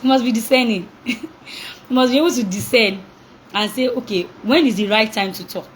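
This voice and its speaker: A young woman gives a parenting talk in a slightly high voice. She is animated, laughs often and acts out little exchanges with children. A faint hiss of noise sits behind her. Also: rough recording. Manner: animated, acts out reactions, laughs often, asks call-and-response questions. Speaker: parenting coach.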